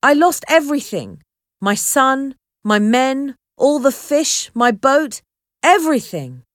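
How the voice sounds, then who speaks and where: Brief: grey-haired old sea captain, shattered by grief, higher voice, lively swings, read by a woman narrator. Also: slow pace, dry recording, clean studio sound, full character voice. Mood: despairing. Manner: despairing, listing his losses.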